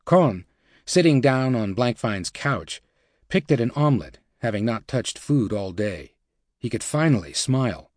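A man narrating a nonfiction audiobook in an even, measured reading style. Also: mid-range voice, no echo, studio quality. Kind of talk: scripted narration.

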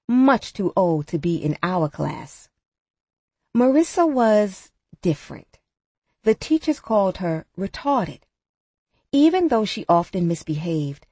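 A woman narrating a memoir aloud in a measured, reflective storytelling manner. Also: mid-range voice, a little mellow, breathy edge, dry recording. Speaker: audiobook narrator.

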